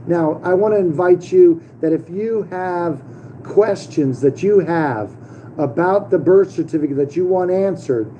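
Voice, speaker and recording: A middle-aged man hosts his own channel and talks casually to camera. He rambles, restarting sentences and filling gaps with ums and uhs. His voice sits a little high yet sounds very dark and mellow, with a faint hiss of noise behind it. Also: expressive, measured pace, muffled recording. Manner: rambling, with many fillers and restarts. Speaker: channel host. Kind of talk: casual vlog monologue.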